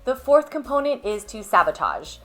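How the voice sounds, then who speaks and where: A woman speech therapist patiently explaining to parents how to build a child's language at home, stepping through clear examples. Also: fairly high pitch, very animated, normal speed, fairly bright tone, soft background music. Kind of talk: instructional video talk to parents.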